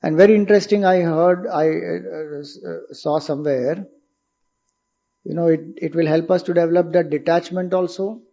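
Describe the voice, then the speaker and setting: A man with an Indian English accent gives an informal spiritual talk in a voice on the high side, gravelly yet mellow, with fairly even intonation and a moderate pace. He explains ideas conversationally and poses rhetorical questions to his listeners. The recording is dull and lo-fi.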